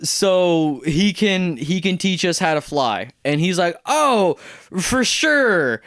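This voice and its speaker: A man co-hosting a casual movie podcast. His voice is on the high side for a man, smooth and resonant, and it sounds close and dry. He rambles through long plot recaps. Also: a little slow, no room sound. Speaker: podcast co-host. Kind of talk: casual movie review chat.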